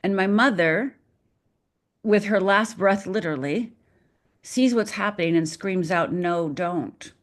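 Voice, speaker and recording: A woman's voice: medium pitch, unhurried, long pauses. A middle-aged woman from Upper Michigan, a podcast guest telling a personal story dramatically and acting out the voices in it.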